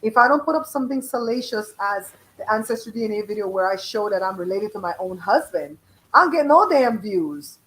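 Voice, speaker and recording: A woman's voice: medium pitch, animated, a little fast, fairly bright tone, slight background noise, low-quality recording. Belizean woman, middle-aged, blunt and chatty host reading out her live chat. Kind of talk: casual live-stream chat.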